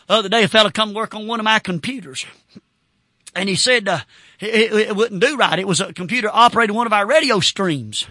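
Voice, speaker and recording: A man preaching a sermon as a Baptist pastor, fervent, with shouting bursts and whoops. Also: high-pitched, a little fast, dry recording, clean studio sound.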